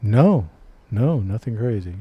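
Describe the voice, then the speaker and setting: A man's voice: on the low side, sing-song, slow, breathy edge, dry recording, muffled recording. Guy co-hosting a podcast, teasing and joking, dry close sound. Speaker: podcast co-host. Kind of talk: casual chat.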